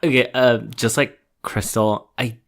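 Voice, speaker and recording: A man's voice: medium pitch, fairly even intonation, unhurried, a bit bright. A man co-hosting a podcast, rambling casually about a reality show with many ums and restarts. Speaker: podcast co-host.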